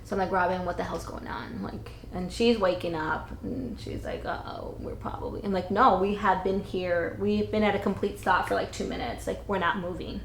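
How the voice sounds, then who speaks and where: Gravelly young woman telling a story. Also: on the low side, moderate pace, hardly any pauses, slight background noise. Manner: lively, blunt storytelling with swearing. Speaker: vlogger. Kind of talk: casual storytime. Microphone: camera-mounted mic. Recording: roomy echo.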